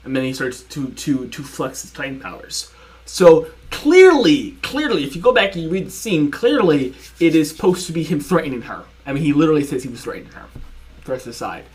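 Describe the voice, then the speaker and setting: A man's voice: fairly high pitch, big pitch swings, brisk, darkish tone. A young man hosting a commentary video, arguing point by point in a sarcastic, repetitive way. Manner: argumentative, sarcastic, repeats and restarts. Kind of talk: reaction commentary.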